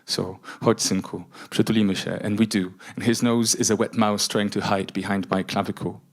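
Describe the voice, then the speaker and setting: A middle-aged man with a fairly low voice performs spoken word poetry before a conference audience. His introductions are hesitant and chatty, and his reading is measured. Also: flat delivery.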